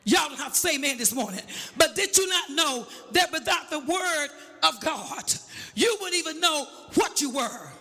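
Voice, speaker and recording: A man preaching a sermon, calling for a witness, shouting and half-singing his lines in an echoey church. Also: extremely high pitch, animated, moderate pace, creaky, soft background music.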